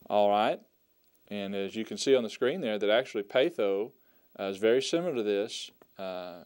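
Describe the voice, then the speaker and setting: Slow, resonant male Greek teacher. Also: lowish voice, darkish tone. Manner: slow, deliberate, repeats words for emphasis. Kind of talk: recorded classroom lesson.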